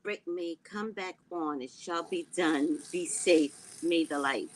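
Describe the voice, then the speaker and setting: A woman on the low side speaks slowly while hosting a psychic livestream from home, animated and playful with her viewers and chat. Poor audio with slight background noise results from having no external mic.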